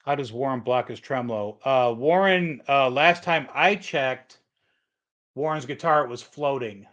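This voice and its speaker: A man's voice: mid-range voice, a little slow, a bit bright, highs cut off. Brief: middle-aged man, livestream host, rambling and repetitive, lots of restarts and filler. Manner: rambling, repeats himself, frequent restarts and "uh". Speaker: livestream host answering chat questions. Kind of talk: casual livestream chat.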